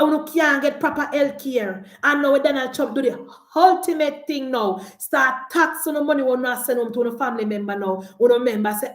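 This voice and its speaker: A Jamaican woman giving a lively, scolding political rant, mocking the people she addresses. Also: high voice, reverberant. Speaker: political commentator.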